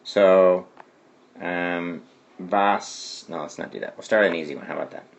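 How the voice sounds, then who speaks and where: A man's voice: sits low, steady tone, a little slow, noisy background. A man teaching a Spanish grammar lesson who explains patiently and keeps asking "okay?" to check understanding.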